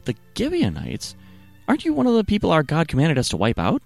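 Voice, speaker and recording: A man's voice: fairly low pitch, expressive, a little mellow, soft background music, natural voice. A man doing a blunt, incredulous war leader. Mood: skeptical. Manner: quick, incredulous outbursts. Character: impulsive ancient male war leader, blunt.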